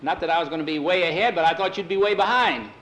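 A man's voice: on the high side, fast, fairly bright tone, slight background noise, voice pushed up, lightly acted, rough recording. A man doing an easygoing young rival rider.

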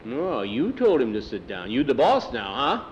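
A man's voice: medium pitch, huge pitch swings, moderate pace, lo-fi sound, slight background noise. A man voicing a harsh, bossy Mexican ranch foreman who barks orders in clipped broken English.

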